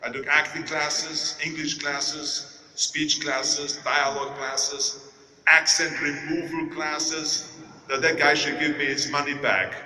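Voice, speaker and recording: Keynote speaker: older Austrian man, very bright, emphatic, heard from afar in a reverberant arena. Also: a little high, flat delivery, slow, distant mic, a little hiss or hum. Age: 60s. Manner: emphatic storytelling, mimics naysayers. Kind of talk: motivational speech. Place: large indoor sports arena.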